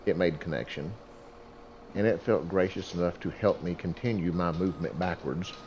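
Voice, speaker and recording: A man's voice: sits low, normal speed, a little mellow, a little hiss or hum. A middle-aged man who hosts a gaming channel, telling a rambling story about himself over gameplay, folksy and chuckling often.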